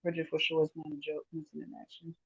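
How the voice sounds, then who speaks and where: A woman's voice: low-pitched, monotone, quick pace, fairly bright tone, breathy edge, no echo. A chatty woman with a drawl hosts a casual livestream, reading out her viewers' comments and breaking into frequent laughter. The sound is dry and slightly dull, from a lo-fi mic. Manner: laughs often, reads viewer comments aloud, Southern US slang. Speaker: livestream host reading chat.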